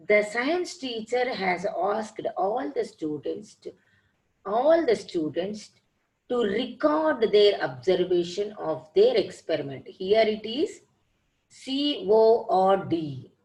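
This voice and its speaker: Rich: A woman gives an online lecture at a very unhurried pace, her pitch sitting in an ordinary middle range. She explains each point patiently and circles back over the same examples. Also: a little mellow, poor audio. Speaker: English teacher.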